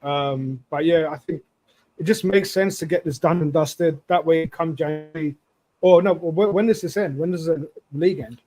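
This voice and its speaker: A man co-hosting a casual sports podcast, speaking haltingly with many fillers and restarts. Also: a little high, darkish tone, rough recording. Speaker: podcast co-host.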